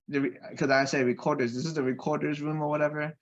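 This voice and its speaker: A man's voice: on the high side, fast, hardly any pauses. Man animatedly telling a story, muffled sound. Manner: animated storytelling, acting out quoted voices. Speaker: podcast guest, real estate investor. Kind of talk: telling a personal anecdote.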